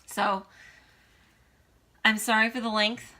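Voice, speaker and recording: A woman's voice: fairly high pitch, level tone, slow pace, pushed and bright. A woman talking earnestly and emotionally to her viewers, encouraging them in a heartfelt vlog. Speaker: vlogger. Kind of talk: heartfelt motivational vlog talk.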